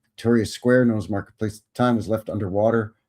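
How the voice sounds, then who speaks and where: This Canadian livestream host talks fast in a lowish, steady, slightly mellow voice while reading history aloud. Between passages he offers wry, folksy remarks, calling people "bud" and tacking on "eh."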